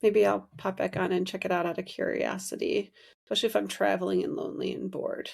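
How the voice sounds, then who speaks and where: A woman's voice: mid-range voice, level tone, quick pace, vocal fry, husky. A middle-aged woman hosting a podcast, chatting casually and rambling with many restarts. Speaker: podcast host. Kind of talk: casual chat.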